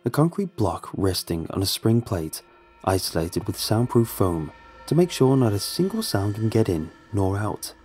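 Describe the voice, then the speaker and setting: A man voicing a cold, mysterious older man who calmly questions a captive in a horror story. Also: lowish voice, moderate pace, soft background music.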